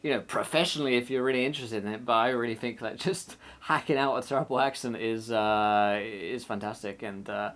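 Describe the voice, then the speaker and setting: A man's voice: mid-range voice, brisk, hardly any pauses, fairly bright tone. A man in a casual panel discussion who gives easygoing, enthusiastic advice about playing tabletop games.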